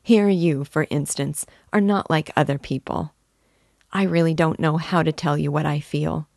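A woman reading the lines of a timid, earnest young girl who speaks softly and hesitantly. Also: low-pitched, steady tone, normal speed, gravelly, dry recording, clean studio sound. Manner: soft, hesitant, heartfelt.

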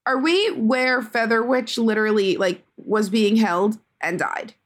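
A woman's voice: a little high, unhurried. A woman co-hosting a casual book discussion, recapping the plot in a chatty, self-correcting way. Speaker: podcast co-host.

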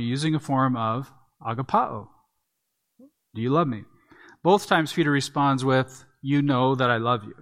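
A man giving a sermon from the pulpit, explaining a text verse by verse. He talks in a plain, conversational teaching manner and sometimes restarts a phrase, with a voice of ordinary middle pitch. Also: fairly bright tone. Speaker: pastor.

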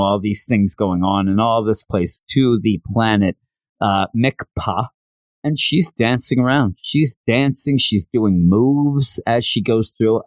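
A man's voice: lowish voice, dry recording. A man casually recapping a story, chatty and joking with lots of fillers. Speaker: reviewer.

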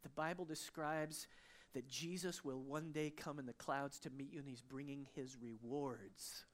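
A pastor giving an emotional sermon, moving between fervent emphasis and hushed, quiet passages. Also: medium pitch, steady tone, unhurried.

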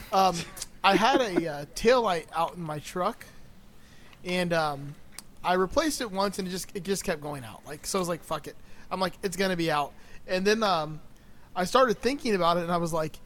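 A man with a notably high voice, joking and telling stories in a casual podcast conversation. He laughs easily and drifts into anecdotes. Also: moderate pace, a little hiss or hum. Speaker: podcast co-host. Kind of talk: casual movie chat.

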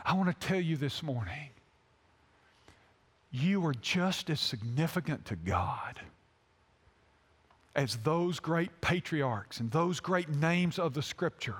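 High-voiced pastor in a reverberant hall. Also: male voice, lively intonation, breathy edge. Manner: halting storytelling with many fillers. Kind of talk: sermon.

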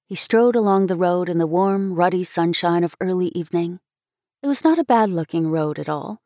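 A woman reading a classic story aloud in an expressive, measured way. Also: fairly low pitch, no echo, clean studio sound. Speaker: story reader. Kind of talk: storybook narration.

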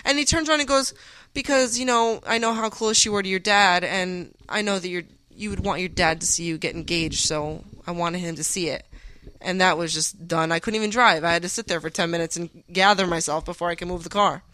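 A woman's voice: on the low side, brisk, sharp tone, slight background noise. A woman on a podcast, chatting casually and telling her story bluntly, with lots of swearing. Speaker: podcast guest. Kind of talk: casual chat.

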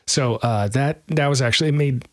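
A man's voice: medium pitch, normal speed, no room sound, studio quality. A man co-hosting a casual podcast, talking in a rambling, self-deprecating way with lots of fillers. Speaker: podcast co-host. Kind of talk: casual chat.

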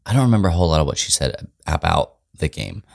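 A man in his thirties with a very deep voice that still swings lively up and down as he jokes. He co-hosts a casual chat, telling playful stories in a dry, close recording. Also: fast, vocal fry, no room sound. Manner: joking, playful storyteller. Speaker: podcast co-host.

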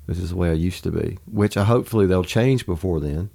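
A pastor in his forties chats about family in a low, gravelly voice. His tone is mellow and unhurried, earnest and reflective, and he laughs easily. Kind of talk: casual conversation.

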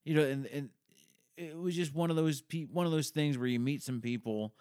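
A man's voice: on the high side, normal speed, a little mellow, no room sound, clean studio sound. A man hosting a podcast, giving a rambling, self-mocking spoken intro with plenty of swearing. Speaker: podcast host. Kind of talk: casual podcast intro monologue.

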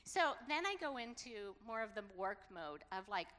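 A middle-aged woman telling a personal story in a sermon, acting out the dialogue with lively emphasis. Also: medium pitch, moderate pace. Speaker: preacher. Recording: long hall reverb.

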